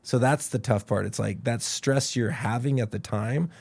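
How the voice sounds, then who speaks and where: A man's voice: mid-range voice, normal speed, vocal fry, slightly rough. A man from Idaho, a podcast guest, telling stories casually and acting out what people said. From Idaho, USA. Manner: animated storyteller, acts out quotes.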